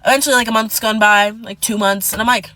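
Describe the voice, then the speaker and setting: A woman's voice: fairly high pitch, fairly even intonation, fast talker, sharp tone. A woman telling a casual storytime to her viewers, dramatic and full of swearing. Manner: dramatic, profane, addresses viewers as "divas".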